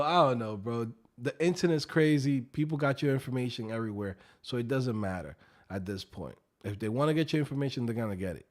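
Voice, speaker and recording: A man hosting a casual live stream, telling a story in an animated, joking way and swearing often. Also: medium pitch. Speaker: coding instructor and live stream host.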